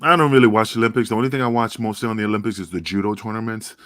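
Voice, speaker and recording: A man with a fairly low voice chats loosely on a wrestling podcast, rambling and dropping casual swears. He is from the United States and talks easygoing and unscripted. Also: fairly even intonation, very fast, fairly bright tone, no echo. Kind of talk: casual chat.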